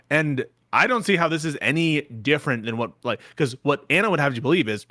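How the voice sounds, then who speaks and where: A man's voice: on the high side, very animated, fairly quick, hardly any pauses, fairly bright tone, no room sound, clean studio sound. A man giving casual, sarcastic reaction commentary on video clips. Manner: sarcastic, joking. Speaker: stream guest commentator.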